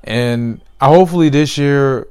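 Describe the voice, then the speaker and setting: A man's voice: mid-range voice, unhurried, a little mellow, clear, resonant tone. A man hosting a casual solo podcast, laid-back, repeating his phrases and laughing easily. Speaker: podcast host. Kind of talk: casual solo sports and news chat.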